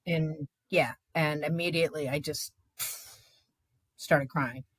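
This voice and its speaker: A woman in her fifties, a journalist guest, telling her own stories in a candid, animated way with many filler words. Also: sits low, slow pace. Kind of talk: candid conversational storytelling.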